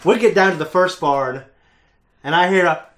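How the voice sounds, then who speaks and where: A young man hosting a reaction show, telling a long story in a casual, animated way with frequent laughs. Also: high-pitched, moderate pace, slight background noise. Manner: animated, laughs often, acts out other voices.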